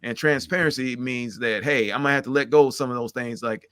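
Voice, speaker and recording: A man's voice: mid-range voice, quick pace, fairly bright tone, smooth, no room sound, clean studio sound. A middle-aged man talking candidly and at length, rambling and acting out the conversations he recounts. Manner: rambling, earnest, acts out quoted exchanges. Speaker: podcast guest.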